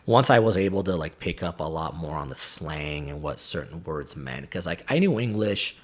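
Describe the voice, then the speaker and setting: A young man from Greece with a slight Greek accent, a podcast guest telling his story in casual chat, animated and mimicking slang. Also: rumbling low, moderate pace.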